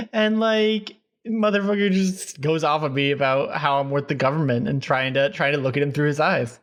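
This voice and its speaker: A young man in casual podcast chat with a fairly high voice. He tells stories in an animated way, laughs often and swears freely. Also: moderate pace. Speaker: podcast co-host.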